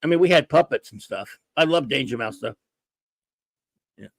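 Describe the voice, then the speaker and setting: A man's voice: mid-range voice, expressive, moderate pace, gravelly, husky, no room sound. A man from the United States hosting a casual livestream chat over a video call, thinking aloud with many restarts. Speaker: host.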